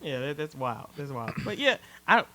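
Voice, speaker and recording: A man in casual podcast chat, mostly chiming in with short agreeing replies and quick jokes. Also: on the high side, very animated, pushed and bright.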